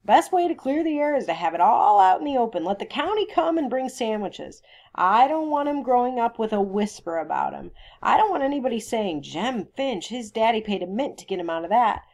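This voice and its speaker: A woman's voice: on the high side, sing-song, brisk, gravelly, darkish tone, muffled recording, pitched above the performer's own voice, exaggerated voice. A woman reading the part of a principled small-town lawyer and father, earnest, firm and courteous.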